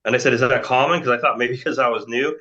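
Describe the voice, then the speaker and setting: A fast-talking American man in his forties, appearing as an interview guest, rambles through a long casual story full of fillers and do-overs. His medium-pitched voice holds a steady tone yet sounds bright and forceful. The recording is dull and lo-fi.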